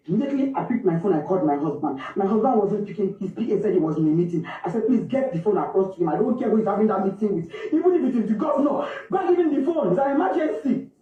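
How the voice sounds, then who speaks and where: A woman with a Nigerian accent, a mother slowly and emotionally recounting what happened to her daughter. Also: medium pitch. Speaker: grieving mother recounting events. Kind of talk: emotional personal account. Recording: distant, echoey, muffled replayed clip.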